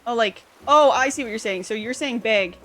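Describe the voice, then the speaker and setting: A woman's voice: on the high side, moderate pace, a bit bright. A young woman with a Canadian accent, a streamer chatting casually and rambling with many fillers while she plays. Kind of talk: casual livestream chat. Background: faint game music.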